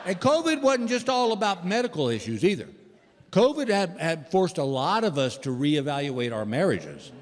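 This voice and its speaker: A stand-up comedian performs a set in a large theater full of people, spinning folksy stories and playing both sides of each conversation. His voice sits on the high side with big pitch swings at a moderate pace, and the live hall adds reverb.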